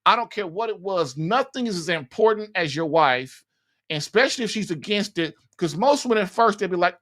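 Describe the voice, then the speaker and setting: With a high, fairly bright voice, this man talks quickly and with animation as he dispenses marriage advice on his podcast. His monologue is casual, plainspoken and homespun, and he chuckles at his own remarks along the way.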